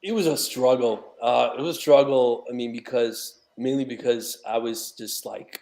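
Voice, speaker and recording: A man's voice: medium pitch, normal speed, vocal fry, hardly any pauses, darkish tone. Rambling man recounting a long story. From New York. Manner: rambling, many fillers and restarts. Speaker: guest, documentary associate producer. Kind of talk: casual interview conversation.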